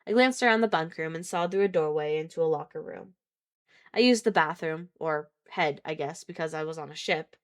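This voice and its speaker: A woman's voice: low-pitched, fairly quick. A woman streamer reading a book aloud on a live stream, often stopping to laugh, react and reread lines.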